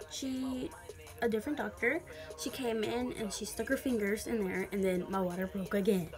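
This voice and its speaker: A woman's voice: fairly high pitch, fairly quick, over music. A young woman telling a story frankly and casually, full of slang and swearing. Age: young adult. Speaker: vlogger.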